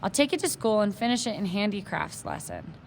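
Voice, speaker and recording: An excitable young boy from a storybook read-aloud, voice jumping high with eagerness, as a woman reader puts him on. A faint hiss of noise sits under the reading. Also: a little fast, gravelly. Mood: eager.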